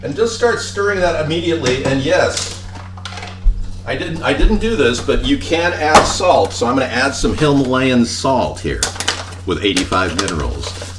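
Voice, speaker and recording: A man in his home kitchen talks through a budget recipe in a chatty, easygoing way, slipping in dry, deadpan jokes. His voice sits at an ordinary middle pitch. Pots, pans and dishes clatter clearly around him. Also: moderate pace, heavy background noise. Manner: chatty, with deadpan joking asides. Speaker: home cooking vlogger. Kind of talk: casual cooking demonstration.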